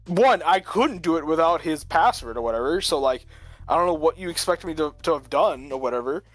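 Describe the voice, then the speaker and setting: A man's voice: on the high side, expressive, brisk, no echo, faint music behind. A man telling a long story in casual chat, rambling with lots of filler words and frequent chuckles. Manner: rambling, full of "like", chuckles often.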